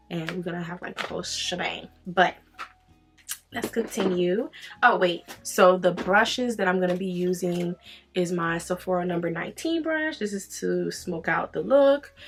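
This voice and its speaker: A young woman with a fairly low voice talks through her makeup routine in a loose, chatty way, full of "you know" and "like". She acts out her own past reactions in lively quotes. Faint music plays behind her. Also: creaky. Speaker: beauty vlogger. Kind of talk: chatty get-ready-with-me storytelling.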